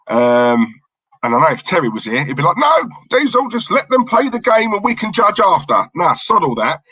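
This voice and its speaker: A man's voice: mid-range voice, sharp tone, slightly rough, no echo, poor audio. A man hosting a live football watchalong, chatting with viewers and reading out team lineups in a casual, bantering way. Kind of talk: casual live-stream chat.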